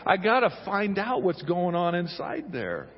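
A man's voice: high-pitched, wildly swooping pitch, unhurried. A middle-aged male pastor preaching a sermon in a conversational, humorous way, acting out little quotes. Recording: dull recording with long hall reverb.

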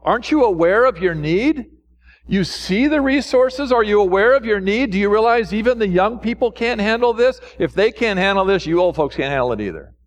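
A man's voice: animated, a little fast. A pastor preaching a sermon with fervor, firing off rhetorical questions and lifting his voice when he urges his listeners on. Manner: fervent preaching with many rhetorical questions, pitch swinging up when exhorting.

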